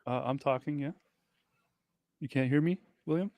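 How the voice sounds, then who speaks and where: A man moderating a debate on a video call, friendly and brisk about timing. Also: mid-range voice, a little mellow, no echo.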